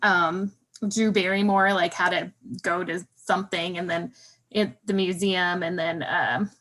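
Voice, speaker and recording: A woman guest who works in museums, chatting casually and telling easygoing anecdotes with soft laughs. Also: on the low side, fairly even intonation, measured pace. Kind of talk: casual chat.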